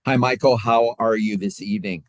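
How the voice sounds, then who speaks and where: A man co-hosting a podcast in casual chat, talking in a halting way with many fillers. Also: fairly low pitch, dry recording. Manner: halting, filler-heavy delivery. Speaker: podcast co-host.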